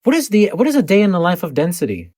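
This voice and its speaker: A man's voice: high-pitched, wildly swooping pitch, fast talker, a little mellow, slightly rough, dry recording, studio quality. A man hosting an improvised comedy podcast, with a mock-serious announcer delivery. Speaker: podcast host.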